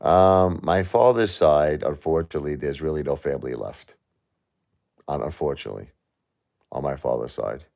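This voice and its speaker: Deep, gravelly grieving man. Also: moderate pace. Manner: raw, repetitive, swings between anger and hushed disbelief. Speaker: livestream host. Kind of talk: emotional live-stream monologue.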